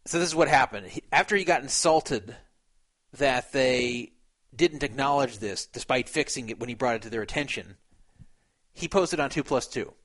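A man's voice: medium pitch, normal speed, a bit bright. A man retelling a poker dispute in a casual, opinionated way. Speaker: poker commentator. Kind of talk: casual commentary.

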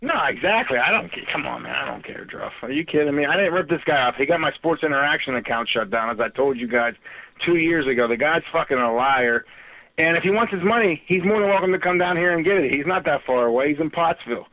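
Brief: drunk male caller, fast and brash, tinny phone line. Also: fairly high pitch, expressive, dry recording. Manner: brash, profane, rambling. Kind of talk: casual phone-in chat.

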